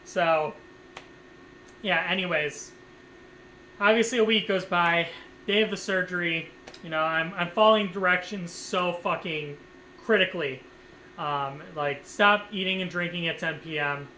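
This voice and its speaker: A man's voice: high-pitched, a little slow, long pauses, sharp tone, a little hiss or hum, poor audio. A man telling a personal story in a casual, rambling way, with lots of filler words and swearing. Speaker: streamer.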